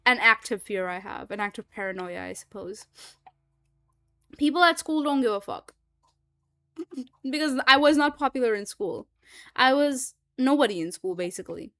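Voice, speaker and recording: A woman's voice: on the high side, a bit bright, dry recording. A young woman streaming, chatting casually and rambling with lots of fillers and frequent laughs. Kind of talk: casual livestream chat.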